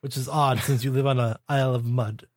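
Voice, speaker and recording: A man's voice: mid-range voice, steady tone, a little fast. A man playing a tabletop game and voicing his paladin with polite, courtly banter. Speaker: player. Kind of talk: in-character tabletop role-play.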